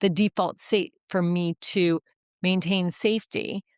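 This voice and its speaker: Brief: woman podcast host, emphatic and frank, smooth voice, dry close sound. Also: lowish voice, steady tone, unhurried, no room sound. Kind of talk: podcast conversation.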